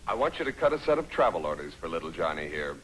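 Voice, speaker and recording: An actor playing a dry, quick-witted army sergeant in a 1950s film comedy who gives the orders. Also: male voice, deep voice, sing-song, fairly bright tone, slight background noise, low-quality recording. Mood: wry. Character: wry, take-charge male army sergeant.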